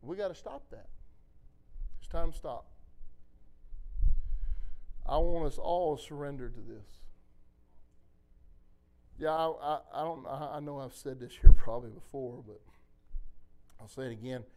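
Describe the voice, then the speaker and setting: A preacher delivering an impassioned sermon, swinging between loud exhortation and quiet storytelling. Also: male voice, medium pitch, measured pace, pauses often. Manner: impassioned, rising and falling.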